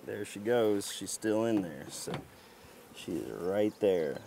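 Excited man with a low voice, outdoors. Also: slow pace, vocal fry, pauses often, slight background noise. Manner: excited, folksy, talks to camera while handling hives. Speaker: beekeeper vlogger. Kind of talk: casual outdoor narration while working. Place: outdoors at beehives. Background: buzzing bees.

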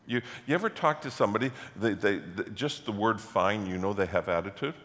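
Male pastor, bright forceful delivery, story-driven sermon in a reverberant church hall. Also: fairly low pitch, brisk. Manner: storytelling, acts out quoted voices, builds to loud animated passages. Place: church sanctuary.

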